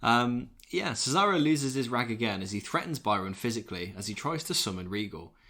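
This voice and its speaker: A man's voice: medium pitch, animated, a little fast, bright, forceful tone. A man co-hosting a wrestling podcast, reading match recaps and then chatting loosely.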